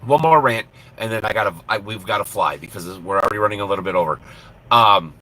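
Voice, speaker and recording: A man's voice: on the low side, fast talker, sharp tone, rough recording. A man who drives a truck, chatting on his live stream from the cab in a blunt, profane, self-mocking way and laughing easily. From Minnesota, USA. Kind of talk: casual live-stream chat.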